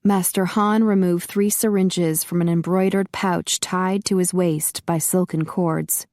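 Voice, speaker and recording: A woman narrating a paranormal romance audiobook in a steady, even storytelling manner. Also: fairly low pitch, a little slow, no echo, studio quality. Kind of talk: scripted narration.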